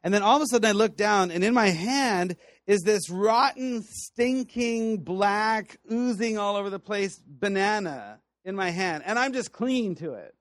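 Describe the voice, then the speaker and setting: A man teaching a class on the Bible, telling stories with animated voices and frequent laughs. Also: high-pitched, measured pace, hardly any pauses, no echo, studio quality. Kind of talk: lively teaching talk to students.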